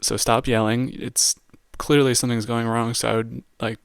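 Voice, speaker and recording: A man's voice: mid-range voice, flat delivery, moderate pace, gravelly, smooth, dry recording, clean studio sound. A man hosting a podcast, giving a casual, slangy movie review monologue full of "like". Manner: casual, heavy use of "like" and slang. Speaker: podcast host reviewing a film.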